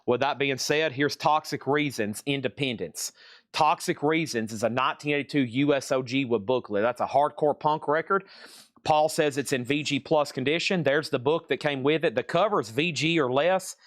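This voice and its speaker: A man's voice: mid-range voice, moderate pace, no room sound, clean studio sound. A man hosting a live-stream vinyl record sale, chatting casually as he reels off prices, grades and bidder names. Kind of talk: live-stream auction chat.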